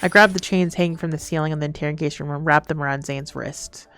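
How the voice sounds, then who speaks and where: A young adult woman streaming a game, reading its text aloud between excitable, crude, giggly banter. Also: deep voice, quick pace, faint music behind.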